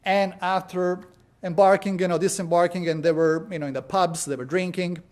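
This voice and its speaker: Man, high-pitched voice, sermon, storytelling, fillers. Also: fairly quick. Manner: storytelling, frequent "uh" and "you know". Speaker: preacher. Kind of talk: sermon with anecdotes.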